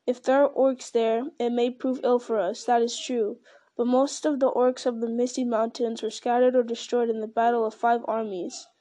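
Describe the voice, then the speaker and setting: A woman reading the part of a grave, commanding old male wizard in a firm, measured way. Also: a little high, level tone, mellow, close to an everyday voice.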